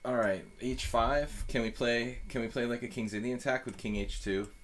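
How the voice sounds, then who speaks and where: A man's voice: mid-range voice, steady tone, moderate pace. A man giving live chess commentary as a streamer, thinking aloud in a loose, rambling way full of fillers and restarts.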